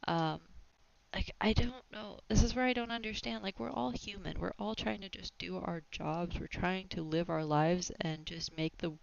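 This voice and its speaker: A woman hosting a casual opinion podcast, animated and opinionated, often laughing as she talks. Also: fairly low pitch, normal speed, gravelly. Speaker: podcast host. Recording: dry, slightly dull lo-fi sound.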